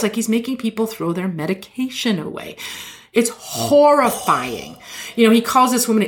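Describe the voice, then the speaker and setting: Brief: woman podcast host, lively storyteller, breaks into laughs, swears casually. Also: a little high, normal speed. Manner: animated, laughing, swears freely.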